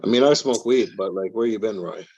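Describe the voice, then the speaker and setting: A man with a husky voice and a middling pitch, making blunt, sardonic remarks. His audio sounds dull and lo-fi, with a dry, close sound. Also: fairly quick, darkish tone, dry recording. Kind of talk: casual chat over beers.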